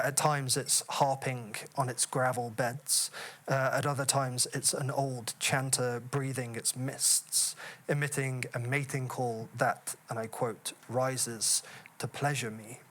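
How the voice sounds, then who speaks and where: A man delivers a literary lecture in a clear, bright tone. He talks in a measured, reflective way, dotted with "uh" fillers. He lingers slowly over the words he quotes. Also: mid-range voice. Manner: measured and thoughtful, with frequent "uh" fillers; slows down to savour quoted words. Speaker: poet giving a memorial lecture. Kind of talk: academic lecture with poetry reading.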